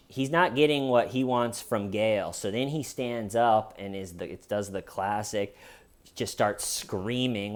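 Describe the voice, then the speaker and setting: A man hosting a casual commentary show, talking in a sarcastic, mocking way. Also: fairly low pitch. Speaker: host.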